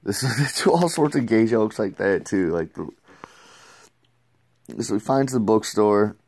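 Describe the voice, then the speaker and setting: A man's voice: lowish voice, lively intonation, unhurried, a little mellow. Laid-back man rambling about comics. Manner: laid-back, rambling, swears, says "dude" a lot. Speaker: comic book reviewer. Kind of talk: casual spoken review.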